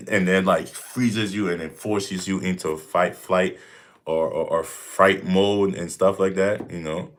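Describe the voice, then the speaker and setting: Deep-voiced, laid-back young man, rambling. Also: fairly even intonation, normal speed. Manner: laid-back, rambling, heavy use of "like" and "you know"; slangy and blunt. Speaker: livestream host answering questions. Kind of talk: casual livestream Q and A. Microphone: desk mic.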